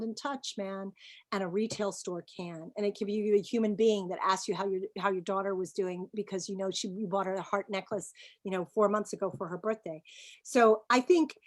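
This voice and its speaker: In a mid-range voice, a middle-aged woman holds forth as a business guest on a webinar, stressing her points energetically and breaking into laughter readily.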